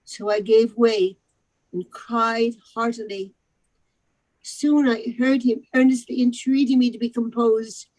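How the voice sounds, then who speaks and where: A woman narrating a novel aloud, expressive, with occasional stumbles over the words. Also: a little high, unhurried, poor audio. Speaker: narrator in a charity readathon.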